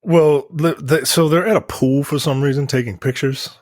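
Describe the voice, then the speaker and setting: A man's voice: fairly high pitch, fairly even intonation, normal speed, darkish tone, no room sound, clean studio sound. A man on a film review podcast, casually retelling scenes with profanity and acting out characters in exaggerated voices.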